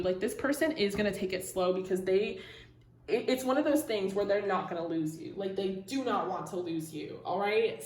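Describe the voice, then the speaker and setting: A young woman talks through a tarot reading in a casual, heartfelt way, gushing over the cards and swearing freely. Her voice sits at a medium pitch, and the room around her gives it a noticeable echo. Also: slight background noise. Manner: gushing, emotional, swears casually, many fillers. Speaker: tarot reader. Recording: roomy echo.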